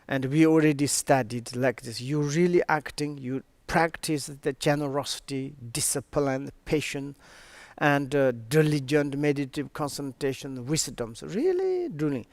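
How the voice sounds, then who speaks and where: A man giving a Buddhist teaching in halting, non-native English full of restarts, earnest and explanatory. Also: on the high side, expressive, no echo. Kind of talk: Dharma teaching seminar.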